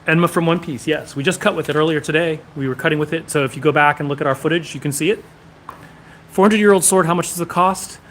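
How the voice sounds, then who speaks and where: Brisk man answering shop questions. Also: a little high, fairly bright tone, slight background noise. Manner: brisk, answering questions one after another. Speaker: sword shop host reading live comments. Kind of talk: casual live stream.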